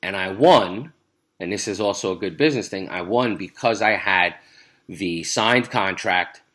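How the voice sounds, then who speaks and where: Bright-voiced man telling a business story. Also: low-pitched, unhurried. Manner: storytelling, candid. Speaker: business owner. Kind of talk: casual business chat.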